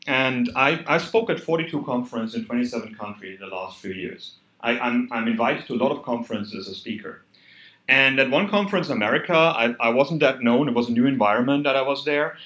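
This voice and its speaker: A man's voice: mid-range voice, quick pace, reverberant, highs cut off. A man with a German accent, speaking earnestly and conversationally as a conference speaker. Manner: earnest, conversational, animated emphasis. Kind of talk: conference talk. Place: hall at a hackday event.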